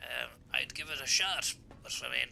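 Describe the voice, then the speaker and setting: A man's voice: mid-range voice, moderate pace, gravelly, sharp tone, a little hiss or hum. A man co-hosting a gaming stream, chatting in a rambling, folksy, joking way. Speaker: stream co-host. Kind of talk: casual gaming stream chat.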